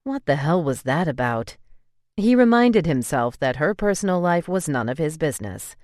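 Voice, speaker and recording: An audiobook narrator with a middle-pitched voice, reading a romance novel in an even, measured way. The recording is dry and close, with no room reverb.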